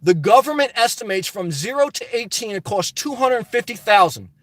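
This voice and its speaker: A middle-aged man with a high voice answers his viewers' comments on a live stream. He talks casually but slips into passionate rants. The sound is dry and close, with no room echo. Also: sing-song, normal speed, fairly bright tone. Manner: passionate, ranting; reads viewer comments aloud and answers them. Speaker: livestream host. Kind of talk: casual live-chat reply.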